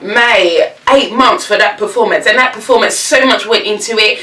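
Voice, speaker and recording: A young woman chatting casually as a vlogger, animated and slangy, laughing often. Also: medium pitch, normal speed, roomy sound, recorded from a distance, background noise. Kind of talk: casual chat.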